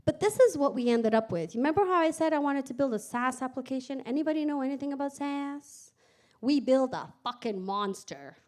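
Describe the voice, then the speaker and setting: A woman founder telling her own story on stage in a candid, animated way, swearing and laughing as she goes. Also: high voice, a little fast. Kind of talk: live stage storytelling talk. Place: event stage before an audience.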